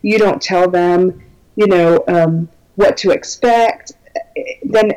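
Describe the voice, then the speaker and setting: A woman's voice: lowish voice, takes it slowly, dark tone, poor audio. A woman talking as a guest belly dance teacher in a casual conversation, chatty and enthusiastic with many fillers.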